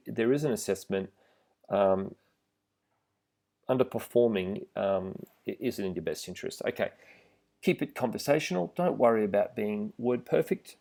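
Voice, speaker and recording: A middle-aged man giving a relaxed, plain-spoken instructional talk to trainee driving instructors, with some fillers. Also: lowish voice. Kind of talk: instructional voice-over with slides.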